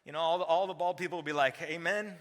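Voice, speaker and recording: A man's voice: a little high, steady tone, racing. A man in his forties preaching a sermon as a teaching pastor, emphatic and conversational, tossing rhetorical questions to the congregation. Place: large church sanctuary. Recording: long hall reverb.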